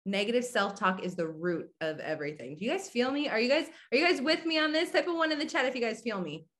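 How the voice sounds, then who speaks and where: A woman's voice: a little high, lively intonation, quick pace, fairly bright tone. A woman hosting a podcast in a casual motivational talk, speaking candidly and bluntly, swearing casually and asking listeners whether they agree. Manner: addresses listeners directly, asks if they agree. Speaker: podcast host.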